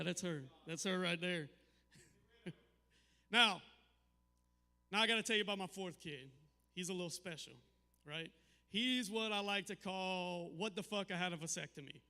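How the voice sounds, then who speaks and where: Man, stand-up comic, high bright voice, long hall echo. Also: vocal fry. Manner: deadpan storytelling with crude punchlines. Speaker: stand-up comedian. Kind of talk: stand-up comedy set. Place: live comedy venue.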